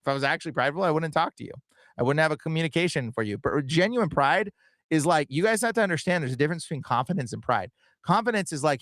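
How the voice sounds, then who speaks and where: A man's voice: a little high, expressive, fairly bright tone, dry recording. Earnest young man, dry close sound. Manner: earnest, fast, filler-heavy with frequent "bro" and "like". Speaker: podcast host. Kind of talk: casual livestream talk.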